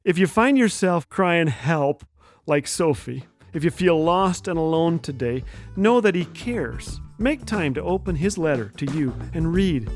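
Wry, high-voiced middle-aged man telling jokes. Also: lively intonation, measured pace, faint music behind. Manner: wry, gently joking, chuckles at his own lines. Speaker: radio humor show host. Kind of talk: humorous radio storytelling.

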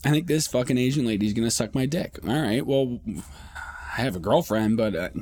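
A man's voice: mid-range voice, lively intonation, a little fast, a little mellow. A man hosting a podcast, telling a rambling, profane story in casual monologue with many restarts. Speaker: podcast host.

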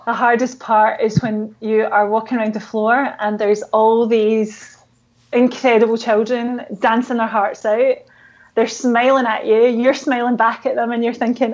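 A woman with a fairly high voice chats warmly and openly about judging dance. She talks with a lot of feeling. Her sound comes through a dull, lo-fi call line. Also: level tone, measured pace. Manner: open and emotional, speaks with feeling. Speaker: dance competition judge. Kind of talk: casual video call chat.

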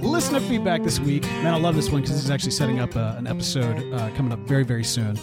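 A man co-hosting a podcast in casual chat, joking and animated. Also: medium pitch, fast, loud music behind the voice. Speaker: podcast co-host.

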